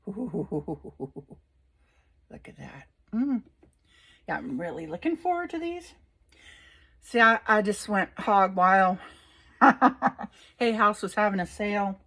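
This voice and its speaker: An older woman reading oracle cards aloud in a relaxed vlog, delighted and unhurried. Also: fairly high pitch. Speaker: oracle card reader. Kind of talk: casual card reading vlog.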